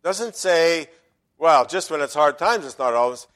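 Preaching from the pulpit, this male pastor has a voice that runs a little high for a man. He speaks with emphasis, softening for side comments and booming on quoted verses, all at a moderate pace with an expressive tone.

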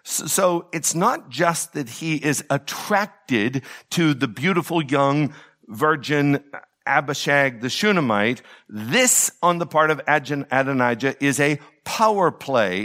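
A man's voice: a little high, animated, slow, a bit bright. Emphatic male Bible teacher. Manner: emphatic, rhetorical questions, paraphrases verses.

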